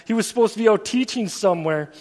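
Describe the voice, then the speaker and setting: A man's voice: high-pitched, fast talker. A man preaching a sermon in a casual, storytelling way, full of everyday fillers. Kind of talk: conversational sermon. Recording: long reverb of a large hall.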